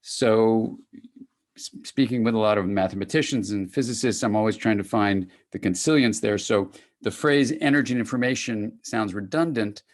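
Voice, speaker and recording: An older man giving a conversational academic lecture to clinicians, lively and acting out little dialogues. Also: moderate pace. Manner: animated, conversational, acts out dialogues with rising pitch.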